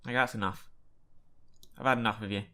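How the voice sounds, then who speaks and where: A man's voice: fairly low pitch, fairly even intonation, quick pace. A man casually commentating his own football management game, chatty and given to exasperated outbursts at what happens. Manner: chatty, reacts loudly to match events with exasperated outbursts. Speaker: gaming YouTuber. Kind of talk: casual Let's Play commentary.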